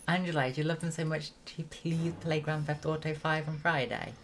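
A British woman chatting casually to her viewers while streaming a game, with sudden excited outbursts. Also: low-pitched, a little fast, hardly any pauses, a little hiss or hum. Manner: chatty, talks to chat, bursts into excited shouts. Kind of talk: casual live gameplay commentary. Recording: loud game music behind.

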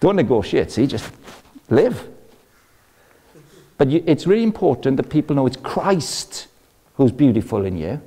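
A man giving an energetic, jokey sermon-style talk at an event. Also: mid-range voice, unhurried, pauses often, breathy edge. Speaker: speaker.

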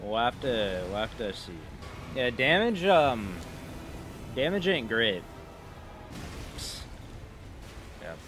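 A man's voice: medium pitch, big pitch swings, takes it slowly, long pauses, fairly bright tone, slight background noise. A young man giving profane, frustrated commentary while playing a game, trash-talking bosses. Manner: swearing, frustrated outbursts, mocking trash talk. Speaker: gaming streamer.

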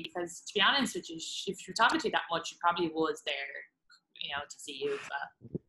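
Woman host, casual laughing chatter, bright voice in an echoey room. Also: fairly low pitch, fast talker, slight background noise. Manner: laughing, animated storytelling with swearing. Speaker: podcast host. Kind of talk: casual chat.

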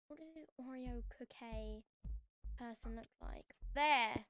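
A woman's voice: on the high side, takes it slowly, a bit bright, faint music behind. A young woman chatting through a gaming livestream, mock-annoyed and humming to herself as she plays. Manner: chatty, mock-annoyed, sings and hums while playing. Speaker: streamer.

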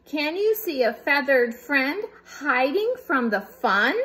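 A woman with a high, bouncy voice that swoops up and down reads a picture book aloud for little children. She takes her time and plays with the animal noises. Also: sing-song, slow pace, hardly any pauses, fairly bright tone. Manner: playful, makes animal sounds. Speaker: storybook reader.

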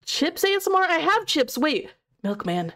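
A woman's voice: high-pitched, big pitch swings, normal speed, fairly bright tone. A young woman streaming a video game from home into a desk microphone, chatting with her viewers, laughing easily and swearing casually. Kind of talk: live-stream gameplay commentary.

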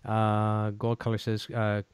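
A man's voice: on the low side, completely flat delivery, takes it slowly, smooth, no echo. A male host in casual chat, reading viewer comments aloud with many ums and uhs.

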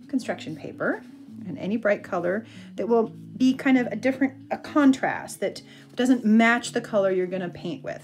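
A woman teacher reading a picture book aloud and pointing out the pictures, then leading an art lesson. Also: medium pitch. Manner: expressive storyteller, pointing out pictures.

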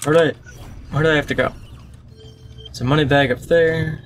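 A man's voice: fairly high pitch, steady tone, a little fast, soft background music. Man casually commenting on his gameplay. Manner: chatty, talking to himself while playing. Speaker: gaming channel host. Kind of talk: casual let's-play commentary.

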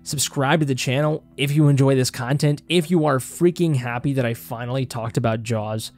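A young man hosting a casual film analysis vlog, talking in an animated, rambling way and swearing casually. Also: mid-range voice, normal speed. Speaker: film reaction host.

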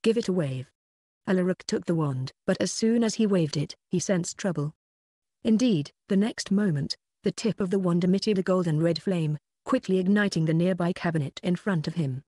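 An audiobook narrator giving a steady, scripted reading of a fantasy novel. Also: mid-range voice, a little fast, dry recording, studio quality.

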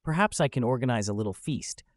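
A man voicing a calm, dreamy female bunny who talks in an unhurried way. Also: medium pitch, no echo, studio quality, natural voice.

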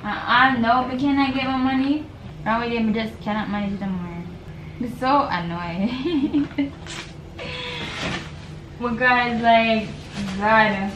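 Young Jamaican woman, vlogger, animated swearing rants in patois, faint background hiss. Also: fairly high pitch, unhurried. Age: young adult. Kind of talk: casual chat while assembling furniture. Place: dorm room. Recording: echoey room, faint noise.

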